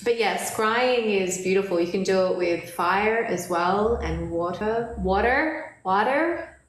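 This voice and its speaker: Slow-talking woman on a live stream. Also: mid-range voice, reverberant, rough recording. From outside the US. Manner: slow, laughing, playful. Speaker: co-host of a witchcraft live stream. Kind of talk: casual live-stream chat. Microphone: phone on a live stream.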